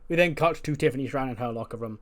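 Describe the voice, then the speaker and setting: Casual male game commentator, chatty, mid pitch. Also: rapid-fire. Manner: chatty, loose, laughs at own jokes. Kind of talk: casual playthrough commentary of a wrestling management game.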